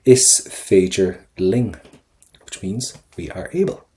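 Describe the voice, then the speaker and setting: A woman's voice: very deep voice, takes it slowly, warm tone. An Irish-accented woman teaching Irish-language vocabulary, saying each phrase and then repeating its English meaning. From Ireland. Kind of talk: explaining vocabulary step by step.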